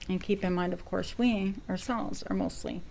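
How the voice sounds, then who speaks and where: A woman's voice: mid-range voice, steady tone, moderate pace, gravelly, a little mellow, a little hiss or hum, poor audio. A woman giving a spiritual card reading to her viewers, reflective and searching for words as she goes. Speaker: tarot reader.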